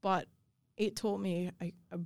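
A woman's voice: mid-range voice, steady tone, measured pace, vocal fry, darkish tone, clean tone, no echo, clean studio sound. A woman, telling a personal story in an interview, blunt and swearing freely. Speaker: guest.

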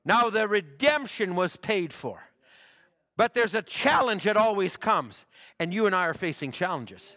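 A man preaching a sermon, halting and repeating words, then building to emphatic declarations. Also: high voice, very animated, pushed and bright.

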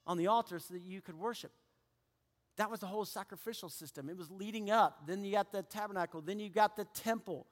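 A man preaching a sermon with animated delivery, acting out quoted people and dropping to hushed tones. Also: very high voice. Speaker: pastor. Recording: long hall reverb.

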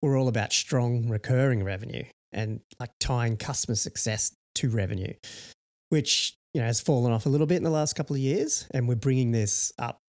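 A man's voice: medium pitch, brisk, darkish tone. A man co-hosting a startup podcast in casual chat, rambling and full of "you know" fillers. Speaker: podcast co-host, startup founder.

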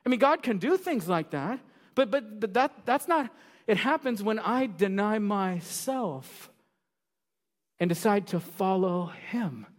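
A male pastor preaching a sermon, animated, swinging from loud bursts to quiet asides. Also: high-pitched, unhurried. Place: church sanctuary. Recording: long reverb of a large hall.

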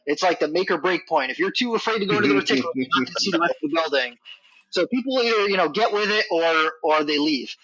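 A man's voice: on the high side, lively intonation, fast talker, a bit bright, breathy edge. A man guesting on a podcast, telling a casual, rambling story full of "like" and "you know.". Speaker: podcast guest, reptile facility worker. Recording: dull, dry lo-fi audio.

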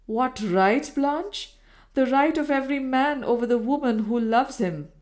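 Woman reading a demanding, insistent gentleman from a period audiobook. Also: mid-range voice, a little slow, close to an everyday voice. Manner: forceful, demanding. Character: insistent gentleman pressing a former lover.

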